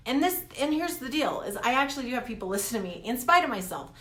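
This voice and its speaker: A woman talking straight to her viewers in a casual motivational vlog, animated and laughing often. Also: on the high side, quick pace, few pauses. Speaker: coach vlogger. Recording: echoey room.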